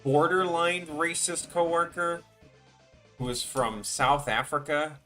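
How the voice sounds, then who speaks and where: A man talks at his desk mic on a live stream in a bright, forceful voice, over faint music in the background. He rambles offhand, trails off and restarts his sentences. When a story gets to him, he turns animated and incredulous. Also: fairly high pitch, slow pace. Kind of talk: casual live-stream chat.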